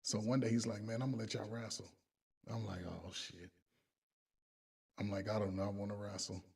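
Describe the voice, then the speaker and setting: A man's voice: on the low side, little pitch movement, quick pace, gravelly, a little mellow, slightly rough, recorded from a distance. A man, a coach, casually telling profane stories, laughing along and quoting other people in his own voice. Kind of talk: casual storytelling.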